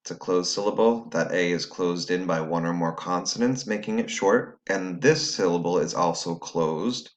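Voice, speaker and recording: Deep-voiced patient male teacher. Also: normal speed, few pauses. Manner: patient, step-by-step explaining to students at home. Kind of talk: recorded phonics lesson.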